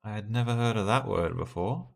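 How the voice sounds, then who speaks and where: Chatty man with a low voice. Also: a little fast, creaky. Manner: chatty, thinks aloud, laughs often. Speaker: streamer and host. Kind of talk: casual livestream commentary.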